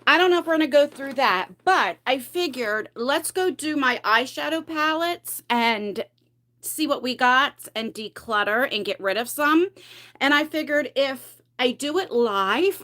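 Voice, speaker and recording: A woman with a high-pitched, sharp voice hosts a casual beauty livestream from home in her pajamas. She chats and rambles while decluttering her makeup, laughing often and a little winded from hauling heavy boxes.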